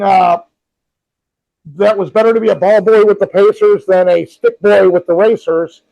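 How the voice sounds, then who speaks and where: Podcast co-host, male, high pitched with a gravelly edge, talks in loose anecdotes full of ums. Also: darkish tone, rough recording. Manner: rambling anecdotes with many ums and restarts. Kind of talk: casual storytelling. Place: home with a robot vacuum running.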